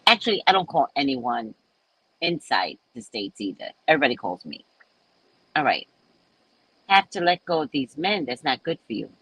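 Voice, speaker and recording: A woman from California hosting a casual show, chatting and telling stories in an animated way. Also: rumbling low, moderate pace, pauses often, husky, no room sound, poor audio. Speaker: host. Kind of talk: casual chat.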